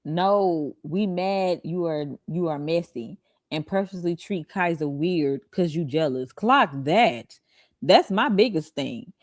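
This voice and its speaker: A woman hosting reaction commentary, animated and laughing, firing rhetorical questions at her viewers, with features. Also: lowish voice, slow pace, no echo, studio quality. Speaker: commentary channel host.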